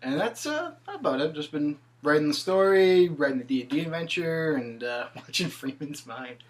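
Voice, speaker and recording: A man's voice: on the high side, lively intonation. Chatty, laughing man hosting a podcast. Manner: laughs often, halting with fillers. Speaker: podcast host. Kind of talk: casual chat.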